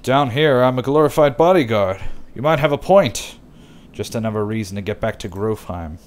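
Give me a man playing a gruff drinking giant warrior with a southern-style drawl. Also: medium pitch, animated, moderate pace, natural voice. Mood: wry.

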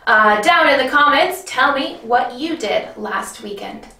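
A woman teaching an English grammar lesson in a clear, patient way, often checking in with the viewer. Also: high-pitched, lively intonation, unhurried, bright, forceful tone, echoey room, recorded from a distance, low-quality recording.

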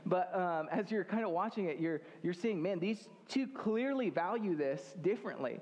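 A man's voice: on the high side, expressive, normal speed, hardly any pauses, darkish tone, highs cut off. An American man preaching a sermon as pastor, talking conversationally with joking asides. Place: church hall. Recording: long hall reverb.

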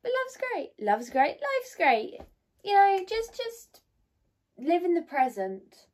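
A woman's voice: very high voice, big pitch swings, takes it slowly, darkish tone. A young woman in her bedroom, chatting to her phone camera in a rambling, bubbly way. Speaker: vlogger. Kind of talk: casual chat to camera. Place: bedroom at home. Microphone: phone on a ring light.

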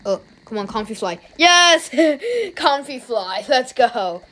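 A woman with an Irish accent giving let's-play commentary as a YouTuber, talking to herself and reacting with jumpy, excited outbursts. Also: a little high, unhurried, poor audio. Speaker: YouTuber playing a game.

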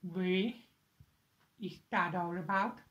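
A woman voicing an imperious, vengeful aristocratic vampire lady in a fan voice impression, talking slowly and theatrically, swinging between hissed whispers and shouts. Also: lowish voice, muffled recording. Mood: scheming, hushed.

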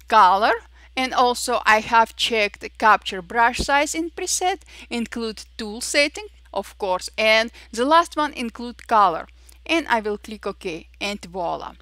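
Bright-voiced woman walking through software. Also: on the high side, no echo. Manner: step-by-step narration with frequent fillers. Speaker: software tutorial host. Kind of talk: screen-recorded software tutorial.

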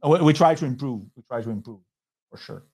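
Man, French accent, native French speaker, mid pitch, webinar presentation, halting, many restarts, video call. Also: lively intonation, warm tone. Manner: halting, frequent pauses and restarts. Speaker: software company executive.

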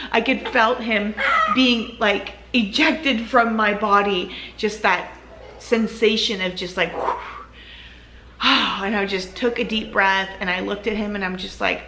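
A woman's voice: medium pitch, steady tone, takes it slowly, pushed and bright, reverberant, a little hiss or hum. A woman vlogger casually telling her own story to camera, chatty and full of "like" and "you know".

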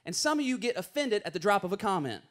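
Male pastor, very high voice, lively and playful sermon delivery. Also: quick pace. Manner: animated, playful, acts out voices in stories.

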